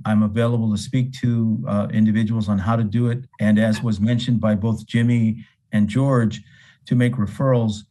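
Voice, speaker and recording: A man from veterans services speaks in a calm, measured way. His voice is low and mellow, and he talks plainly.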